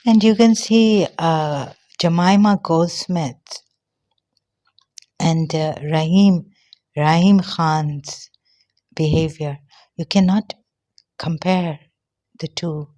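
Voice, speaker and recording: A woman giving an earnest personal monologue, short of breath, halting and often trailing off softly. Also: sits low. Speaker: vlogger.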